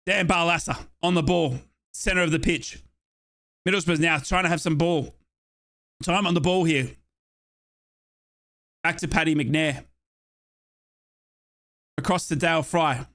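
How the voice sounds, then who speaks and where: A young Australian man giving chatty, excitable live play-by-play of a football match as a fan commentator, with playful asides. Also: fairly high pitch, unhurried, pauses often.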